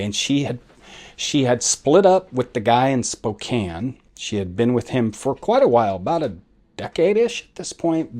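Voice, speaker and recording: A man's voice: medium pitch, a little mellow. A man hosting a podcast and telling a personal story in a rambling way, full of fillers and self-corrections. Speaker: podcast host.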